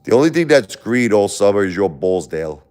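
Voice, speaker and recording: A man's voice: fairly low pitch, big pitch swings, brisk, a little mellow. A man hosting a casual livestream, talking bluntly and repetitively to his chat, confronting viewers by name. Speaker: livestream host.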